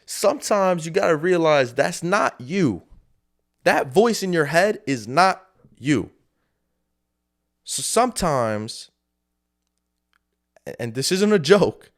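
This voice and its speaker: A man talks alone on his podcast in a casual, motivational way, with plenty of fillers and curse words. His voice sits at a middling pitch, and he drifts from point to point as he speaks. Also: expressive, slow pace, pauses often. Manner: loose, rambling, frequent swearing and fillers. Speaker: podcast host. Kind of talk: casual solo motivational talk. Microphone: camera setup.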